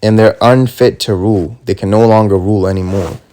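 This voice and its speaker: A man preaching a fervent sermon, reading scripture slowly and tacking "man" onto his points. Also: fairly low pitch, fairly even intonation, dark tone. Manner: emphatic, drops "man" at ends of lines; reads scripture slowly and deliberately.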